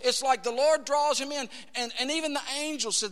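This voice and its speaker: Preacher guy in his 30s, dramatic, goes quiet then shouts, church with long echo. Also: very high voice, fairly quick. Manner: dramatic, acts out voices, swings from hushed to shouting. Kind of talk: sermon.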